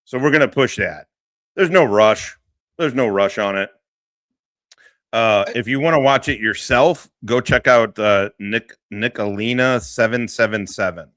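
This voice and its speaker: A man's voice: lowish voice, measured pace, a bit bright, dry recording. A man hosting a livestream, talking casually and swearing a lot as he mocks and laughs. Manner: profane, laughing, mocking. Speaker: streamer host.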